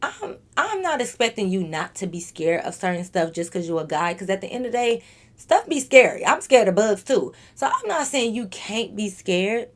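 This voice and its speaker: A woman vlogger telling a storytime monologue straight to her viewers, animated and freely cursing. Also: medium pitch, normal speed.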